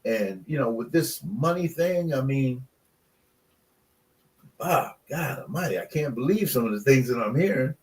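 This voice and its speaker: An older man who once played college football rambles emphatically as a guest on a casual radio chat, using lots of fillers and speaking passionately about commitment. His medium-pitched voice has lively intonation and an unhurried pace, and he sounds far from the mic.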